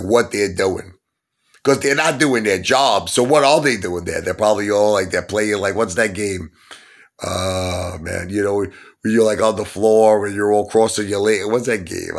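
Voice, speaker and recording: A man's voice: fairly low pitch, moderate pace, gravelly. A middle-aged man, ranting in an exasperated vlog monologue full of rhetorical questions. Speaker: online stock vlogger.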